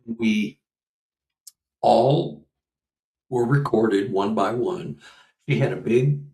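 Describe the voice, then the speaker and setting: A man in his sixties with a gravelly, fry-edged voice spins a story in casual conversation, animated and laughing as he acts out quotes. He sits back from the mic, and the sound is roomy. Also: medium pitch, very slow, far from the mic. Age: 60s. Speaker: guest researcher and author.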